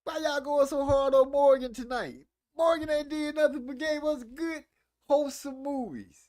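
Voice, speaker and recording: Very high-pitched yet darkish in tone, this forties-aged man speaks at normal speed with fairly even intonation. On his casual live stream he playfully teases viewers about old movies and reads their chat aloud.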